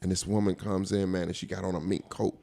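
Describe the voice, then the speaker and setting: A man, a stand-up comedian guest telling animated stories in a casual interview, often acting out the people he quotes. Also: low voice, fast talker, vocal fry. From Colorado. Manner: animated storyteller, acts out quoted voices, laughs often.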